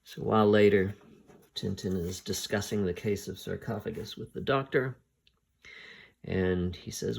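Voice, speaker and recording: A man with a low, gravelly voice talks through a story at an easy, unhurried pace. He pauses often as he thinks aloud, and his tone stays husky throughout. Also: fairly even intonation. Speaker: podcast host reviewing comics. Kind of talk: casual spoken retelling of a story.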